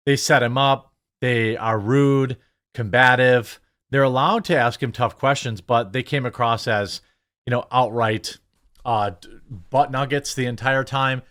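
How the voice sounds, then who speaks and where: A man's voice: medium pitch, fairly bright tone. A man hosting casual political commentary, blunt and sarcastic, rambling with lots of fillers and restarts.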